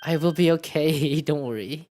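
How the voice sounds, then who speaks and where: A woman VTuber streaming a game, feeling unwell and drained, speaking in low-key, mumbling asides broken by nervous laughs. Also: moderate pace, warm tone, a little hiss or hum. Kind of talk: casual game-reading livestream. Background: game music.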